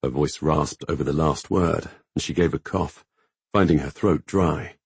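A man narrating a fantasy audiobook in a steady, even reading. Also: a bass voice, measured pace, gravelly, slightly rough, dry recording.

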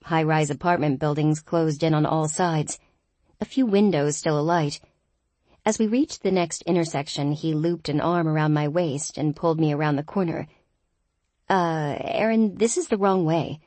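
A woman's voice: low-pitched, steady tone, moderate pace, dark tone, no room sound. A woman narrating a first-person audiobook in a wry, lightly humorous storytelling manner.

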